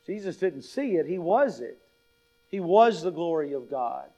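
A man with a high voice preaches a sermon. He is emphatic, repeats his key lines and puts questions to the congregation. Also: very animated, measured pace, dark tone, lo-fi sound. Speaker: pastor.

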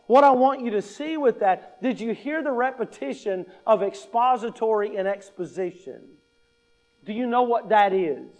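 High-voiced man preaching with emphatic repetition. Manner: conversational, emphatic repetition, acts out quoted attitudes. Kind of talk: sermon.

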